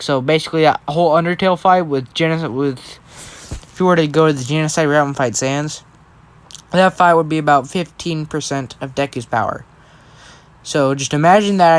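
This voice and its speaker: Rambling man making up a story. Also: on the high side. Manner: rambling, constantly checking in with "right?"; changes details mid-thought. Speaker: fan storyteller. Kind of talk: improvised casual storytelling.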